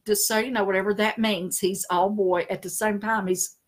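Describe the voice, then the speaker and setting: A woman's voice: medium pitch, normal speed. A middle-aged woman, a spiritual consultant chatting casually, laughing often and slipping into funny voices. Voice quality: chatty storyteller, laughs often, animated impressions. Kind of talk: casual chat on a live stream.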